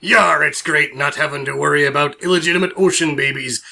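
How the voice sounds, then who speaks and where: A man voicing a gruff male pirate sailor with a pirate drawl, in a comedy sketch. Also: fairly high pitch, steady tone, a little fast, faint music behind. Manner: pirate drawl, says "yar".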